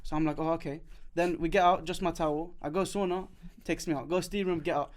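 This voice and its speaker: A man with a high voice hosts a casual podcast chat. He tells a story with a lot of energy, acts out what other people said, and laughs through his lines in slangy talk. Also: quick pace. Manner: animated, acts out dialogue of others. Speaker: podcast host.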